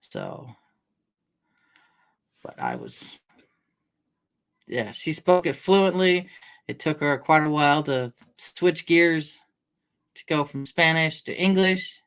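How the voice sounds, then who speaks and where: A woman's voice: sits low, fairly bright tone. A middle-aged woman from Washington State chatting casually on a livestream, rambling through stories, laughing often and greeting viewers by name. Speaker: livestream host. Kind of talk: casual chat with live chat readers.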